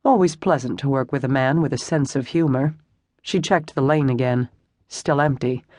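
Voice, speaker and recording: An audiobook narrator reading a historical romance in steady scripted narration, recorded on a close studio mic. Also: medium pitch, normal speed, dry recording.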